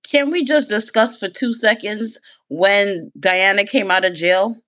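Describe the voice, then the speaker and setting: A woman's voice: medium pitch, unhurried, fairly bright tone, dry recording. A woman guesting on a podcast, chatting casually about a TV episode. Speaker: guest co-host. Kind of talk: casual TV recap chat.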